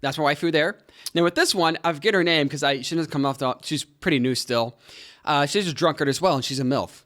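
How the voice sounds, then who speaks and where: A man's voice: fairly high pitch, fairly quick, a bit bright. A young man co-hosting a podcast in casual chat, rambling and joking and losing his train of thought. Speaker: podcast co-host.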